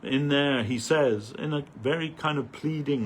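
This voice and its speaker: A man giving an earnest devotional sermon at a festival, pausing often with "uh" as he searches for words. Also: medium pitch, slight background noise. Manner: earnest, halting, many "uh" pauses.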